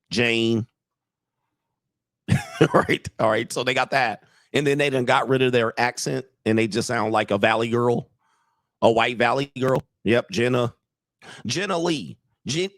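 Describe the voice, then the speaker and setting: A man's voice: lowish voice, dry recording. Brash dry-voiced male commentator. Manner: brash, blunt and mocking, talks straight to viewers. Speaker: dating coach and commentator. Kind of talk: casual reaction commentary.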